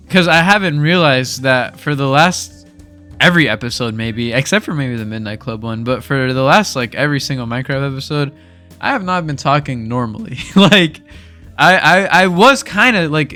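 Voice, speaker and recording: A young man chatting casually over gameplay, speaking softly, rambling candidly and laughing often into a desk mic. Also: fairly high pitch, expressive, normal speed, faint music behind. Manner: speaks softly while recording. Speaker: gaming video creator. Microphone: desk microphone.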